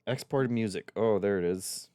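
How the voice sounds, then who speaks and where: A man streams game demos, chatting casually, reading on-screen text aloud and reacting as he plays, in the style of relaxed live-stream commentary. His fairly low, mellow voice moves at a normal speed with a clean tone. It's clean studio sound with no room echo, and game music plays underneath.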